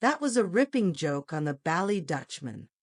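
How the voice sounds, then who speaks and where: A woman's voice: lowish voice, big pitch swings, normal speed, dry recording, studio quality. A woman doing a breezy London captain. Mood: gleeful. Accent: London English. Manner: gleeful, breezy. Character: jovial British male army captain.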